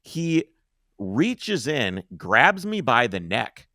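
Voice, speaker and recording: A man hosting a podcast, telling a long story in a casual, animated way, swearing freely and acting out the scenes. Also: medium pitch, extremely slow, no echo, clean studio sound.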